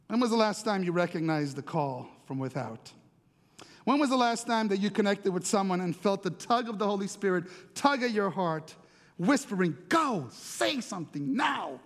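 High-voiced pastor in an echoing hall. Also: male voice, normal speed, pauses often. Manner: conversational, repeats words while searching for them, laughs at himself. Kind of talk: storytelling sermon.

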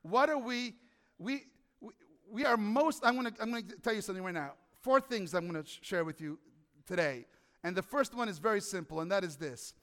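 A male pastor preaching a sermon in a church, animated, often asking the congregation questions. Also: sits high, moderate pace, in a large hall.

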